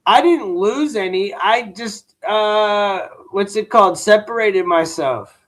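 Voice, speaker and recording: A weary man streams live and talks easily with his audience in a slow, high, slightly bright voice. He keeps saying "bro," uses lots of slang, and waves away someone trolling him in chat.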